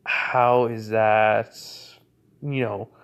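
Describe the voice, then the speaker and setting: A man's voice: lowish voice, level tone, drawn-out words, clean tone, lo-fi sound. A man voicing a loyal teenage ninja boy with a lonely past, in nearly his own plain speaking voice. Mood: scolding. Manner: plain speaking voice, little change from narration.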